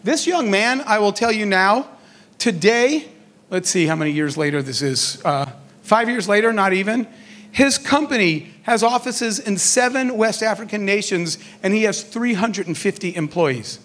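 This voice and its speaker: A middle-aged man giving a motivational keynote talk, an animated storyteller who acts out the dialogue in his anecdotes. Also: high-pitched, moderate pace. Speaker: keynote speaker on entrepreneurship.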